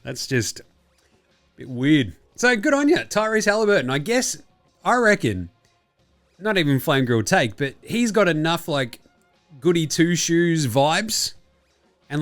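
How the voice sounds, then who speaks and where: Lively, swearing Australian bloke. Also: male voice, a little high. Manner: profane, jokey and rambling. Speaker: podcast host. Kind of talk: casual sports chat.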